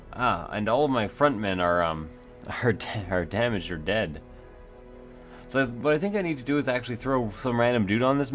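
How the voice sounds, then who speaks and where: Low-voiced man rambling through gameplay. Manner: rambling, self-mocking, thinks aloud with fillers. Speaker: let's play host. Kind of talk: casual gameplay commentary.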